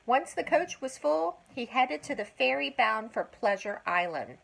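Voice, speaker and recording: An older woman reads a children's story aloud, taking her time and stretching words for effect. Her voice is a little husky and slightly high, and it rises and falls with lively expression. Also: rough recording. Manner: slow, expressive, drawn-out emphasis. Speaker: grandmother reading aloud.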